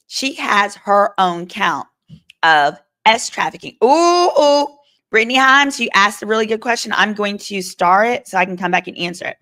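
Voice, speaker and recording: A woman's voice: mid-range voice, sharp tone. A woman lawyer hosting a live stream, reading chat comments and giving sassy, chatty legal commentary.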